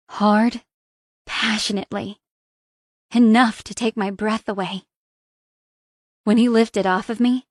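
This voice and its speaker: A young adult woman narrating a first-person romance audiobook in a soft, intimate reading. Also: medium pitch, dry recording, studio quality.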